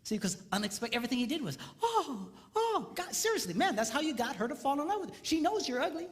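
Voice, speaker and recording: A man's voice: very high voice, racing. A middle-aged man giving a comedic marriage seminar on stage before a live audience, acting out voices and sounds as he tells stories. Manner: animated, acts out voices and sounds mid-story. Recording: reverberant live hall, faint noise.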